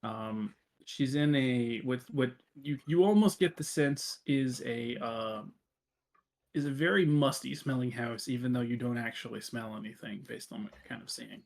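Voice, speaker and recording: A man's voice: mid-range voice, normal speed, vocal fry. A man narrating a tabletop game as game master, with a rambling, hesitant delivery full of fillers.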